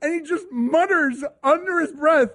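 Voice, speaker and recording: A man hosting a sports radio show, excitable and mocking, often laughing as he talks. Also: high-pitched, a little slow.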